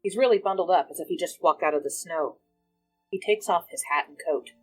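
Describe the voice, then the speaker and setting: Woman player, measured storyteller, faint music under her voice. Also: on the low side, husky. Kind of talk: narrating a vision in a tabletop game.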